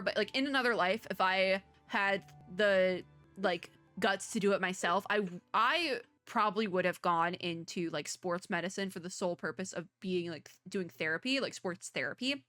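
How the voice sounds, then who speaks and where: A woman's voice: medium pitch, sharp tone, no echo. A woman hosting a let's play, reading game text aloud and reacting with emotional, tearful, laughing, rambling commentary. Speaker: VTuber let's play host.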